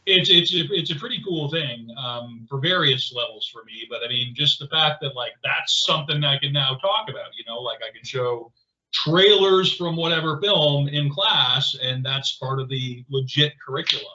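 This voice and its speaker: A man co-hosting a podcast, chatting casually in an animated, rambling way with lots of fillers. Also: medium pitch, normal speed. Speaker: podcast co-host. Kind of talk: casual conversational chat. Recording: roomy, slightly dull podcast audio.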